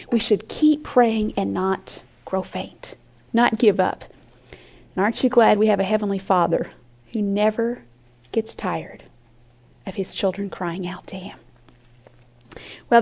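Woman, Bible teacher, earnest, mellow warm voice, slightly high, drops to whispers. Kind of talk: sermon-style Bible teaching. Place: conference room with an audience.

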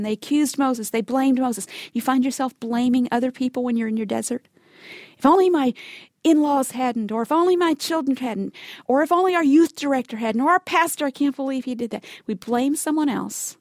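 A woman's voice: on the high side, vocal fry, darkish tone, no room sound, studio quality. A woman giving a sermon, earnest and emphatic, acting out quoted complaints and sometimes dropping to a whisper for emphasis. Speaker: Bible teacher.

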